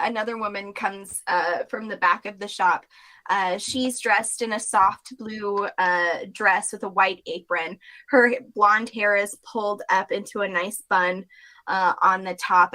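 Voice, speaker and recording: A woman's voice: mid-range voice, unhurried. A woman narrating a tabletop role-playing scene as game master, casual and full of fillers. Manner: relaxed, filler-heavy narration.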